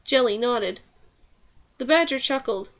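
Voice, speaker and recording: A woman narrating a fantasy novel aloud as an audiobook reader, with steady, even storytelling. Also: on the high side, unhurried. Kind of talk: scripted narration.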